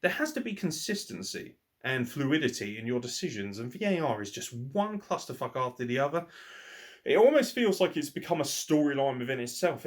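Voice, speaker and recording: A young man hosting a podcast, answering listener questions in a casual, sweary, laddish way with lots of banter. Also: mid-range voice.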